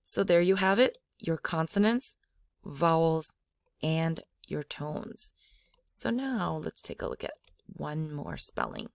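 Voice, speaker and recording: Slow, low-voiced woman teaching pronunciation. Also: very animated, vocal fry, no echo, studio quality. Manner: demonstrates sounds by repeating them loudly. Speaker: language teacher. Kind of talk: slow spoken language lesson.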